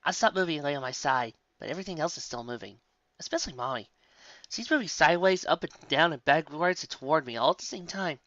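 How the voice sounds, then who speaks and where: A woman reading a fan story aloud with expressive storybook narration. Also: low voice, fast, no room sound, highs cut off. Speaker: story reader.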